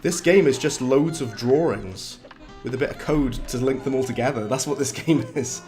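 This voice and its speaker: A man with a slightly hoarse voice, chatting casually while livestreaming a game, reading chat aloud and laughing often. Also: mid-range voice, moderate pace, a little mellow, soft background music. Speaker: livestreaming gamer. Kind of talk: casual live-stream commentary.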